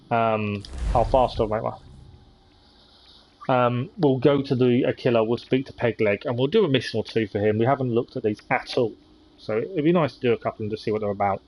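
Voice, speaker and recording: A man's voice: mid-range voice, darkish tone, a little hiss or hum, rough recording. A man chatting casually as he streams a game and reads its text aloud. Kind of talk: live gameplay commentary.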